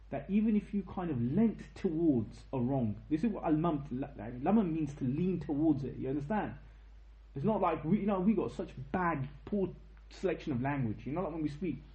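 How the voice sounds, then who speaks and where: A young man giving an informal religious lecture, telling a story with lively asides and checking questions to his listeners. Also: on the high side, fairly quick, roomy sound, lo-fi sound. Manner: animated storytelling, tag questions, quotes in Arabic. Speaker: teacher of a history lesson.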